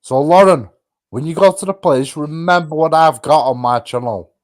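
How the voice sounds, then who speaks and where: A man with a fairly high voice runs a live stream chat panel. He talks bluntly and mockingly, swearing freely. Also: normal speed.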